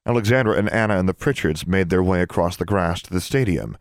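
A man reading a novel aloud as narrator, steady and measured. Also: sits low, dry recording, studio quality. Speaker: audiobook narrator. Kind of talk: scripted audiobook narration.

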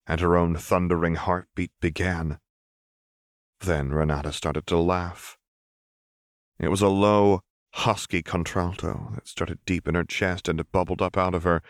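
Deep-voiced man narrating, dry and close. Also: clear, resonant tone, no echo. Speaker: audiobook narrator. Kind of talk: scripted narration.

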